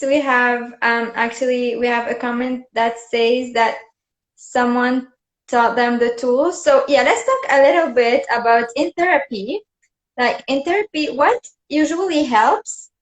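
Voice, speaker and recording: A woman's voice: high-pitched, unhurried. A woman podcast host asking questions hesitantly, with many fillers. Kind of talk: casual interview questions. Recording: roomy echoey room.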